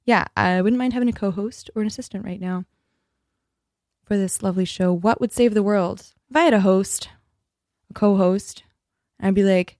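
A woman's voice: mid-range voice, normal speed, long pauses, darkish tone, no room sound. A woman hosting a radio show alone in the studio, rambling and joking, often losing her thread. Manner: rambling, jokey, self-interrupting. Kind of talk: rambling solo radio talk.

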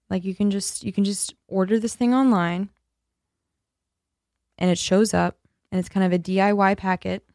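A woman's voice: fairly low pitch, creaky, dry recording. Rambling woman radio host, dry sound. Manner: rambling, jokey, self-interrupting. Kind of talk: rambling solo radio talk. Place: radio studio.

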